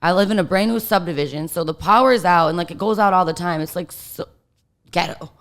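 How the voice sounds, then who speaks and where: A woman's voice: lowish voice, fast talker. A woman guest telling a story in casual chat, rambling with lots of fillers and swearing.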